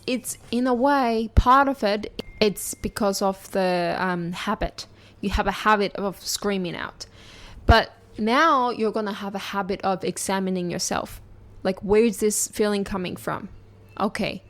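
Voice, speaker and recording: A young woman hosting a podcast, a mother who speaks to listeners in an earnest, reassuring, encouraging way. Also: mid-range voice.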